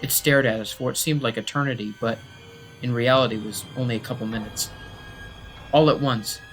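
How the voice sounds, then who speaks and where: Man narrating a horror story. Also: medium pitch. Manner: steady, measured first-person telling. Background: faint background music.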